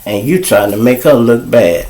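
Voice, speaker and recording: A man with a Chicago accent, hosting his own show and telling a street story in casual slang, calling the listeners y'all and jumping high in pitch when he quotes people. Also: normal speed, low-quality recording. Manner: animated, jumps to high pitch for quoted lines. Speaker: storyteller host.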